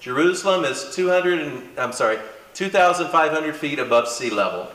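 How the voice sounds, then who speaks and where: Animated man lecturing in an echoey room. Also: a little high, moderate pace, recorded from a distance. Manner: animated, conversational teaching with asides and emphasis. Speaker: Bible teacher. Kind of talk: classroom lecture.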